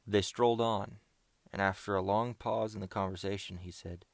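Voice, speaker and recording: Steady, measured male narrator with a deep voice and some fry. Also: no room sound. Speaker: audiobook narrator. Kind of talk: scripted audiobook narration.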